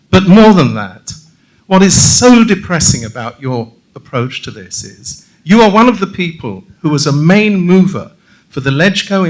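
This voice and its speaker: A man's voice: medium pitch, low-quality recording. A man, a journalist in the audience, asking a panelist a long, pointed and combative question.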